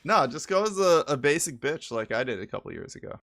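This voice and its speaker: A man's voice: on the high side, very animated, fairly bright tone, no echo, studio quality. A young man co-hosting a gaming podcast, cracking crude jokes and stumbling through his sentences. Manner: crude, joking, halting with fillers. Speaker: podcast co-host. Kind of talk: casual podcast banter.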